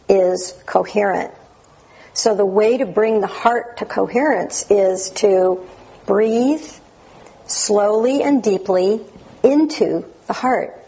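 Gravelly, husky woman giving a dharma talk. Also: mid-range voice, low-quality recording. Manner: gentle, unhurried, with many fillers and restarts. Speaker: meditation teacher.

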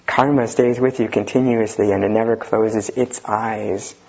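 A man with a husky voice gives a dharma talk in an unhurried way, slipping in dry humor. The recording is dull and lo-fi. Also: fairly low pitch, steady tone, darkish tone. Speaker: Zen teacher giving a talk. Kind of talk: dharma talk reading and commenting.

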